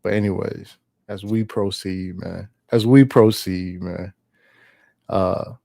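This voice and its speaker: Slangy, laughing casual commentator. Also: male voice, low voice, fairly even intonation, takes it slowly, gravelly, dark tone, no room sound, studio quality. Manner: slangy, laughing, rambling, profane. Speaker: commentary streamer.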